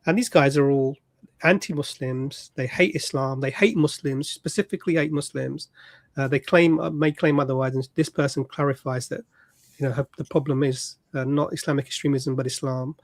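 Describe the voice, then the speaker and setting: A man's voice: mid-range voice, steady tone, normal speed, no echo, studio quality. A man hosting an online panel discussion, explaining a claim with emphasis.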